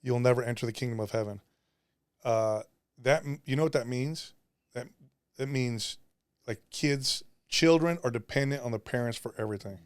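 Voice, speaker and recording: A man's voice: mid-range voice, moderate pace, smooth, dry recording. A man guest on a podcast, talking earnestly and confessionally about prayer, often acting out what he said to God. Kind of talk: candid faith conversation.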